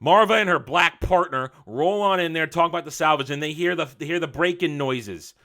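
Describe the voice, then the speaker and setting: Angry, sarcastic male reviewer; high, bright voice; loud outbursts, muttered asides. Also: fairly quick. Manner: angry, sarcastic, mocking, swings loud and soft. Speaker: show reviewer. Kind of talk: ranting review commentary.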